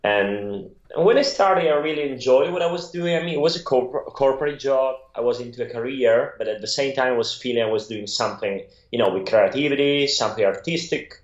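A man's voice: medium pitch, brisk, few pauses, roomy sound, highs cut off. A middle-aged Italian man with an Italian accent, telling his story as a guest in a rambling, laughing interview chat. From Italy. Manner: rambling, many restarts and laughs. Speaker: guest photographer.

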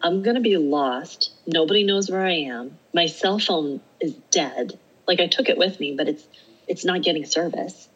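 Her voice fairly low with a breathy edge, a middle-aged woman talks at normal speed as a podcast guest, sharing a story casually. She acts out what she told herself and laughs often, and the sound is lo-fi.

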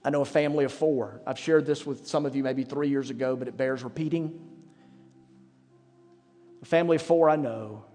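A man's voice: mid-range voice, fairly quick, long pauses, mellow. A man preaching a sermon as pastor, telling stories in a conversational way. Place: church sanctuary. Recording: long hall reverb with faint music.

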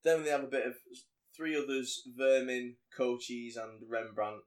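A man's voice: mid-range voice, normal speed. Man retelling a film with gusto. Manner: animated storyteller, acts out quotes in voices. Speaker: podcast co-host. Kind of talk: casual chat recapping a film.

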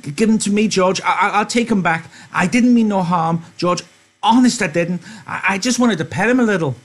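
A man's voice: high-pitched, fairly quick, pitched above the performer's own voice. Man voicing a stammering childlike farmhand. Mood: pleading. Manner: stammering, pleading. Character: simple-minded childlike giant of a farmhand, timid, stammering.

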